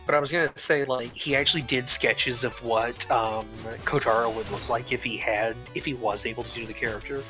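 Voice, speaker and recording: A stream co-host chatting casually and excitably, laughing often. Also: medium pitch, a little fast, few pauses, over music. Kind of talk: casual chat.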